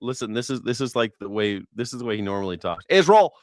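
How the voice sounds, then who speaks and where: A man's voice: medium pitch, expressive, fast, no room sound, clean studio sound. A man hosting a news reaction show, talking in a casual, profane and sarcastic rant. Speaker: host.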